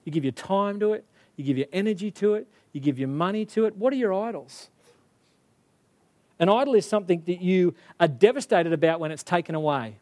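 A man's voice: high-pitched, animated, a little fast, a little mellow. A man preaching a sermon, stressing his points through repetition and speaking straight to his listeners.

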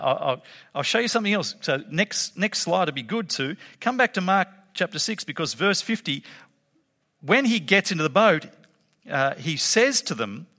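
A man delivers a sermon with a high, bright voice that swings widely in pitch. He is emphatic and animated, often laughing. Long reverb from a hall trails each phrase. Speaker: preacher.

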